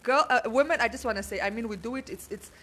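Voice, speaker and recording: A woman with a Namibian English accent co-hosting a casual radio show, animated and laughing often as she mixes in Afrikaans. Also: fairly high pitch, fast talker.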